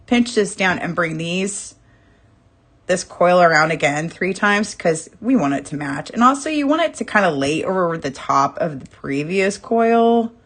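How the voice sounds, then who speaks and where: A woman teaching a live wire-wrapping jewelry class, chatty and self-laughing, greeting viewers as she works. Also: fairly low pitch. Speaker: jewelry-making instructor. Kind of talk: live craft demonstration.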